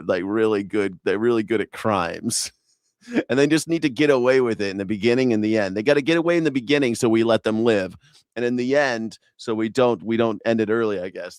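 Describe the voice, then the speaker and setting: A man's voice: on the low side, clear, resonant tone, no room sound. A man hosting a show, telling stories in a loose, profane, laughing comedic rant. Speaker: show host.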